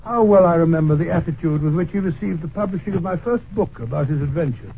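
Doctor Watson, high and gravelly. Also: male voice, fast talker. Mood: narrating. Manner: earnest, mildly exasperated storyteller. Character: good-natured doctor, loyal male companion, middle-aged. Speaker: narrator of the story. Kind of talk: 1940s radio acting. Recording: scratchy lo-fi old radio broadcast.

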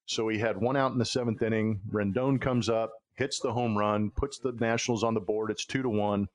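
A man's voice: lowish voice, fairly even intonation, brisk. A man hosting a sports podcast, telling stories in a chatty, casual way with frequent filler words. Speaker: podcast host. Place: Houston.

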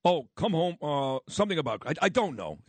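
A man's voice: fairly high pitch, big pitch swings. A middle-aged man hosting a radio talk show, bantering and arguing with teasing comebacks from a studio microphone. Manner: argumentative, teasing, quick comebacks.

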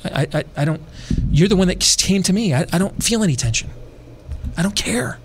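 A man hosting a podcast, telling a long personal story in a casual, animated way, repeating himself and adding dry asides. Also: high-pitched, fast talker. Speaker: podcast host.

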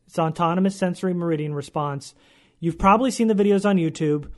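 A man's voice: high-pitched, fast. A man hosting his own podcast in a casual monologue, joking and poking fun at himself as he rambles. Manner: jokey, self-mocking, rambling. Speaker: podcast host.

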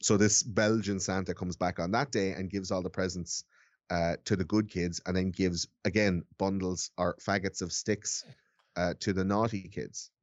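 A man's voice: low voice, fairly even intonation, normal speed, no room sound, muffled recording. A man casually explaining Christmas folklore on a podcast in a loose, profane way. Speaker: podcast co-host. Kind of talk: casual chat, explaining history.

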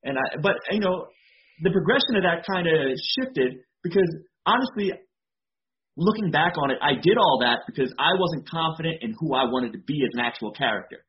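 Male wrestler guest, higher pitch, loose chatty delivery, faint background noise. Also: expressive, fairly quick, lo-fi sound. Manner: rambling, fillers of "you know". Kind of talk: casual interview talk.

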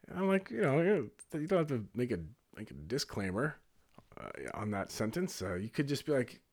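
A man at an ordinary middle pitch spins a loose, winding anecdote from his bartending days. His delivery is animated and digressive, and he breaks into laughter between phrases. It sounds like casual, unscripted storytelling. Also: moderate pace, pauses often.

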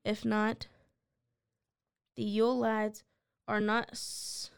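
A woman's voice: mid-range voice, level tone, slow pace, gravelly, clean tone, no room sound. A woman co-hosting a podcast, reading facts from notes and answering with dry, blunt quips. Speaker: podcast co-host. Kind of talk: casual chat, reading notes.

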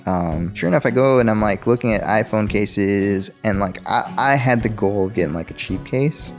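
A man's voice: moderate pace, soft background music. A man casually telling a personal story and acting out the dialogue with big jumps in his voice. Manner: animated, acts out quoted dialogue with sharp pitch jumps.

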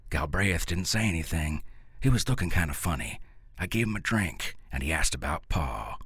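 Male narrator, deep husky voice, lively folksy dialect reading, dry close sound. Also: normal speed, dry recording. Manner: folksy drawling storyteller voice. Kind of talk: first-person story reading in rural dialect.

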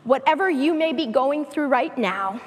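Female preacher, high voice, slow and emphatic sermon delivery, big reverberant hall. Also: lively intonation.

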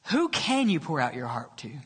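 A male pastor preaching a sermon in a church, impassioned and sometimes dropping to a hushed whisper. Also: mid-range voice, wildly swooping pitch, normal speed, husky. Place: church sanctuary. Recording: hall reverb.

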